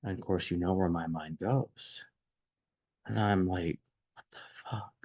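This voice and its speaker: A man telling a personal story in a casual, emotional way, growing quieter and more shaken. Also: low-pitched, unhurried, no room sound. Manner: emotional, increasingly hushed, shaken.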